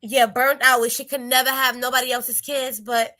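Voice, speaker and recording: Chatty woman co-host, bright voice. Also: high-pitched, level tone, normal speed. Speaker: podcast co-host. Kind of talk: casual chat.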